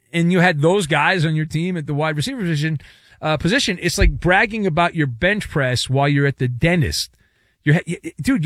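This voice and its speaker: A male sports talk host with a fairly high, lively voice that leaps up and down as he riffs. His delivery is sarcastic and playful. The sound is close and dry, with no room around it. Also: no room sound. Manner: lively, sarcastic, animated swings in pitch.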